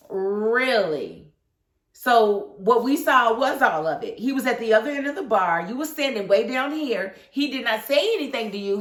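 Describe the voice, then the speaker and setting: Sassy woman reviewing reality TV, roomy echo. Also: a little high. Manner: sassy, animated, talks back to people on screen. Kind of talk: casual review vlog. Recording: echoey room.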